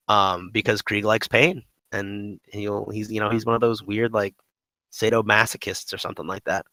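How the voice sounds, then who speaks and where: A man talks games on a podcast in a bright, forward voice, recorded dry and close. His speech rambles with lots of fillers and animated swings. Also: fairly low pitch, no room sound, rough recording. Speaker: podcast co-host. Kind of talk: casual gaming podcast chat.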